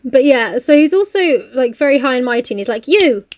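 A woman's voice: high voice, animated, brisk, darkish tone, dry recording, studio quality. A young woman who casually recaps a book, chatty and sweary, with lots of fillers. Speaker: podcast co-host.

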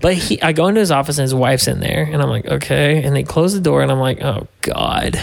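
A man's voice: on the high side, racing, creaky, slight background noise. A man, a podcast guest, telling his story in casual conversation, laughing often and putting on voices for other people.

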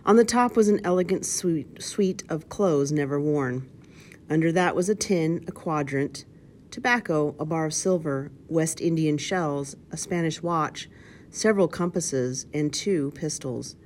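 A woman reading a children's storybook aloud, steady with occasional slips, calling out page numbers. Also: sits low, measured pace, slight background noise. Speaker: reader.

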